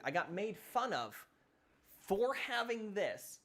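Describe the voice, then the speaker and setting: A man's voice: high voice, sing-song, a bit bright. Heated young man ranting on stream. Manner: heated, exasperated, rapid-fire questions. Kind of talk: live-stream rant.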